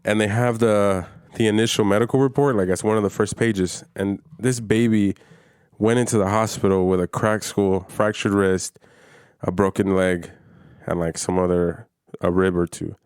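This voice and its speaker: A young man with a very low, deep voice tells stories bluntly on a podcast, swearing freely as he goes. He is recorded close, and the sound is dry with no room echo. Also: fairly even intonation, normal speed, darkish tone, smooth. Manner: blunt, profane storytelling. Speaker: podcast co-host. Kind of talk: casual chat.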